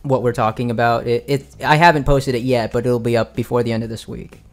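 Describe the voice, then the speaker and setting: Male podcast host, mid pitch, teasing braggy banter. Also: fairly even intonation, quick pace, faint music behind. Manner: teasing, boastful. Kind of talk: casual chat.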